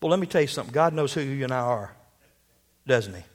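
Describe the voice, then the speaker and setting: A man's voice: mid-range voice, expressive, quick pace. A man preaching a sermon, telling a story and asking rhetorical questions.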